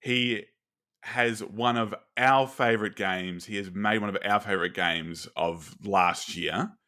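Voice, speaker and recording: Low-voiced podcast host. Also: male voice, steady tone, measured pace, sharp tone. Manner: chatty, rambling, friendly. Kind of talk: casual podcast chat.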